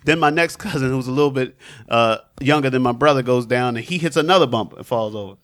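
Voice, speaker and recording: Male co-host, mid-pitched voice, meandering anecdotal delivery. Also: fast talker, fairly bright tone. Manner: rambling anecdotes with many "you know" fillers. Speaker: podcast co-host. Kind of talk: casual storytelling chat.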